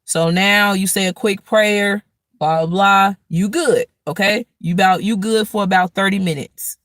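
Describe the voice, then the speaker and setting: A woman's voice: medium pitch, normal speed, fairly bright tone, no room sound. A woman hosting a casual spiritual talk, telling everyday stories in a preachy way and acting out angry rants. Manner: preachy, storytelling with acted-out rants. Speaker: host.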